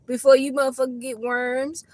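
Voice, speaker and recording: A woman's voice: sits high, flat delivery, moderate pace, darkish tone, no echo, low-quality recording. A woman tarot reader ranting in a casual reading, blunt and profane, laughing often between lines.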